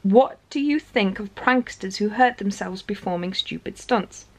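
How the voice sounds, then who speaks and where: A chatty woman vlogging straight to camera, retelling an evening out in an animated, conversational way. Her pitch sits in an ordinary middle range for a woman, and she speaks with an easy, informal manner. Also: measured pace. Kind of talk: casual storytelling to camera.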